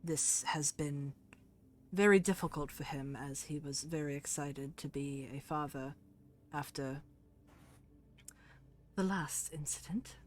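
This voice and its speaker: A woman's voice: deep voice, slow pace, long pauses. A woman voicing a nervous male advisor who delivers bad news in a formal, hesitant way. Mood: somber.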